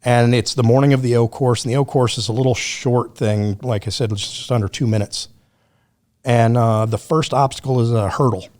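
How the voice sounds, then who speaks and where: A man telling a story on a podcast in a casual, profane, animated way, acting out what others said. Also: mid-range voice, a little fast. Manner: profane, animated storyteller who acts out quotes.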